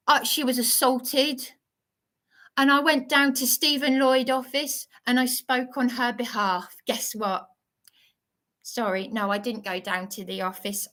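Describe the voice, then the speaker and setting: A woman's voice: on the high side, bright, forceful tone. A woman live streaming, shaken and indignant, stumbling over her words as she talks. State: shaky, worked up. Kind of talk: agitated live-stream monologue.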